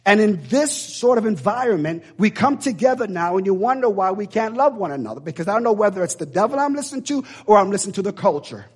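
Husky, high-voiced male preacher. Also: very animated, quick pace, hardly any pauses. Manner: emphatic, repetitive, preacherly. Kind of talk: sermon.

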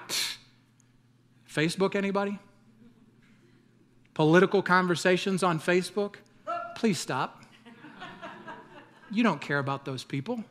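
A middle-aged man delivers a Sunday sermon in an easygoing, chatty way, dropping jokes and asides between passages of scripture. His voice sits a little higher than most men's. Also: a bit bright. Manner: conversational preaching with humor and asides. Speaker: pastor.

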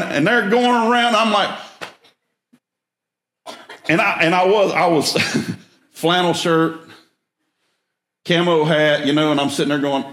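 A man's voice: fairly high pitch, a bit bright. A man preaching through a folksy, self-mocking story, with emphatic bursts. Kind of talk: storytelling sermon. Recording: echoey room.

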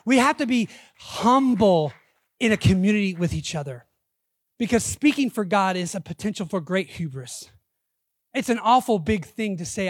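A man preaching a sermon as pastor, conversational and animated, acting out quotes. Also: sits high, dry recording, studio quality.

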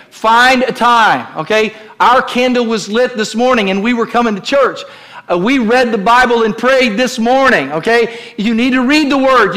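In a church, a middle-aged pastor preaches an emphatic, direct sermon, prompting the congregation to repeat phrases aloud in call-and-response. His voice is extremely high-pitched and sharp in tone.

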